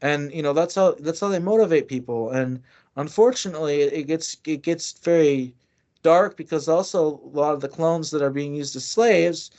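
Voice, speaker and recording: Man, interview guest, rambling storyteller, higher voice, muffled lo-fi audio. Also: moderate pace, darkish tone. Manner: loose, rambling, frequent restarts. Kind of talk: casual first-person storytelling.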